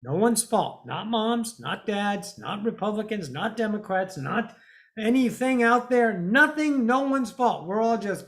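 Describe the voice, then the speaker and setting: A woman's voice: medium pitch, expressive. A woman giving a spiritual monologue, blunt and preachy, swearing freely and stretching out words for emphasis. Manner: emphatic, drawn-out stresses. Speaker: spiritual teacher.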